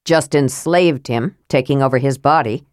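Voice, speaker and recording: A woman voicing a thoughtful male half-elf leader who reasons in a measured way. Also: a bass voice, no echo, studio quality, pitched below the performer's own voice. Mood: reasoning.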